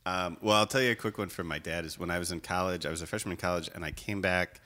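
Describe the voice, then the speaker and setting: A man's voice: deep voice, fast talker, sharp tone. A man telling a funny story in casual chat, laughing as he goes and mimicking the people in it. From Chicago area. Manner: laughs through his stories, mimics voices.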